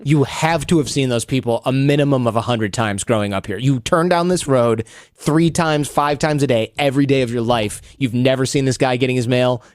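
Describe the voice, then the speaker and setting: A man guesting on a podcast, telling stories in an animated way and acting out the people he quotes. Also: mid-range voice, clear, resonant tone, no echo, studio quality. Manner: animated, acts out quoted people in raised voices. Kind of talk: storytelling interview talk.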